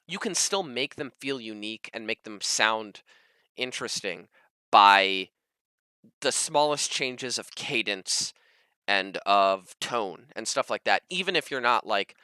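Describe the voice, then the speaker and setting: A man co-hosting a casual panel chat as a dungeon master, talking in an animated, emphatic way with lively jumps in pitch. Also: measured pace, smooth, no room sound. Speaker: podcast co-host, dungeon master.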